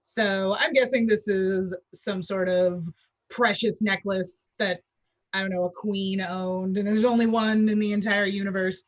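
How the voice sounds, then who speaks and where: A woman writer answering questions on a video call. Her voice sits at a middle pitch, dry and close to the mic. She talks eagerly and loosely, with fillers and quick restarts. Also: steady tone, no echo, poor audio. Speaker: game writer and interview guest. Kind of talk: casual interview over a video call.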